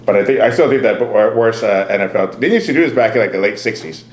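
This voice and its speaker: Low-voiced man laughing through podcast chat. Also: fast talker. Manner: laughs often, rambling, swears casually. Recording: echoey room.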